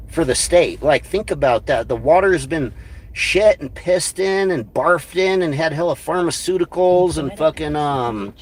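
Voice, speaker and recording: Profane ranting man, high voice. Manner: angry, crude, rambling. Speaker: livestream host.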